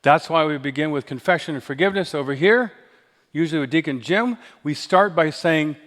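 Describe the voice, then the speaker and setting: A man's voice: on the high side, animated, moderate pace, a bit bright. Older guy preaching, tells stories and stage-whispers the punchlines, long church echo. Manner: storytelling with acted-out whispers and humor. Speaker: pastor. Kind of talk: sermon. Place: large church sanctuary. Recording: reverberant church hall.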